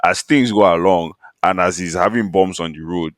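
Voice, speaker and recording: A man co-hosting a podcast, talking in casual slang, animated and laughing while he makes his points. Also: deep voice, moderate pace, no echo, studio quality. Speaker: podcast co-host.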